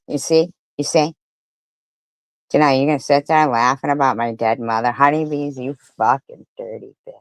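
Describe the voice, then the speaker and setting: Woman ranting furiously, dry close voice. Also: dry recording. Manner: swings between shouting and low mutters. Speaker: commentary streamer. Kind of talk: angry live-stream commentary.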